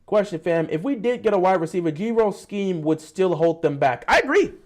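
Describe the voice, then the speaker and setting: A man's voice: high-pitched, normal speed, dark tone. A man hosting a live-stream football talk show, greeting viewers and arguing his points animatedly.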